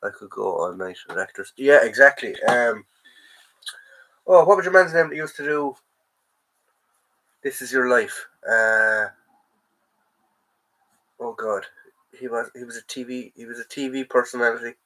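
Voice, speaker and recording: A man's voice: medium pitch, measured pace, long pauses, bright, forceful tone, rough recording. An Irish man with a sore throat hosting a casual live stream, rambling and answering chat comments as he goes.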